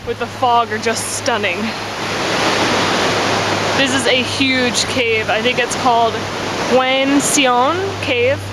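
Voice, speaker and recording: A woman's voice: on the high side, fairly even intonation. A woman casually narrating a travel vlog on location, describing what she sees as she walks by the sea and through a cave. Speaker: travel vlogger. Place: outdoors by the sea and inside a cave. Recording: loud outdoor noise of waves and rushing water. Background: waves, creek and cave waterfall.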